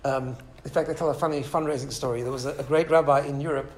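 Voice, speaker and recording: A man's voice: medium pitch, fast talker, slight background noise. A man teaching a Torah class in an informal way, telling stories with lots of restarts and asides to a small audience. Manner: animated storyteller, many restarts and asides.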